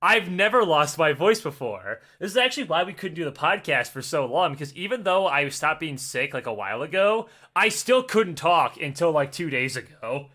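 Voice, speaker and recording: A man in his thirties chatting on a casual podcast, his voice hoarse and cracking as it recovers. His tone is bright and sits a little high, and he laughs and swears his way through a long story. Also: sing-song, normal speed, hardly any pauses. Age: 30s. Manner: rambling storyteller, laughs often, swears freely. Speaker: podcast co-host. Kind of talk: casual chat.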